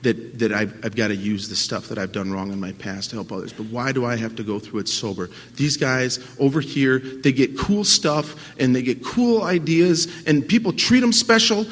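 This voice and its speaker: Guy sharing his recovery story at a convention, halting, lots of restarts, gets loud then quiet, bright voice, long echo from a big hall. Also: medium pitch. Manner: earnest and halting, with many restarts; swings from quiet to loud, impassioned. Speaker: AA speaker. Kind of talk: personal recovery talk to an audience. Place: large conference hall at a convention. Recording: long hall reverb from a live talk.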